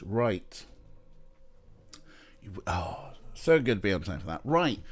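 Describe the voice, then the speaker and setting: A man chatting casually on a livestream, often cooing at his cats in a high sing-song voice. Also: big pitch swings, slow, long pauses, faint music behind. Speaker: streamer.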